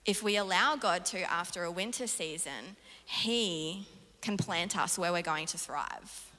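A young woman preaching a sermon in an earnest, animated way. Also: lowish voice, measured pace. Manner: earnest, animated storytelling with laughs. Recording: reverberant hall.

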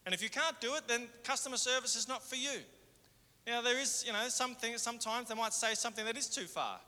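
A man preaching a sermon in a conversational way, moving between fervent and hushed. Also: very high voice, brisk. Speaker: pastor. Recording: hall reverb.

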